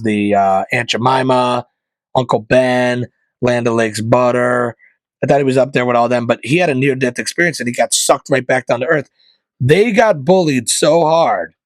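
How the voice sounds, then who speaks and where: In a dry recording, a medium-pitched male comedian hosts his podcast with a comic rant that's both sarcastic and conspiratorial, putting on mocking voices to impersonate corporations.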